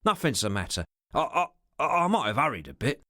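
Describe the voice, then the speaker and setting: A man voicing a rough, scheming male henchman who talks coarsely and in loud bursts. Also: medium pitch, animated, moderate pace, dry recording, clean studio sound, close to an everyday voice. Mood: eager.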